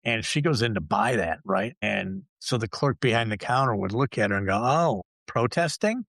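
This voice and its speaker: Gravelly low-voiced man ranting bluntly. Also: a little fast, a bit bright, dry recording. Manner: blunt, profane, sarcastic ranting. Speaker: podcast host. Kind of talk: ranting solo talk show.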